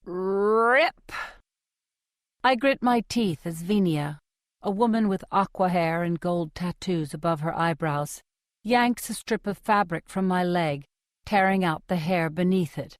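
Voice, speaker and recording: A young adult woman reading a novel aloud in measured, clearly separated sentences. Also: lowish voice, no echo, clean studio sound. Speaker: audiobook reader. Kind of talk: scripted audiobook narration.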